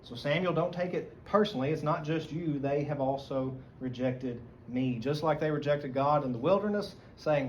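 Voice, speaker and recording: A man's voice: fairly high pitch, moderate pace, hardly any pauses, darkish tone. Southern guy teaching bible study in a church room, earnest, reads verses out, kinda muffled recording. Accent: Southern American. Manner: earnest, reads scripture aloud and explains it. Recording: dull lo-fi recording, faint room noise.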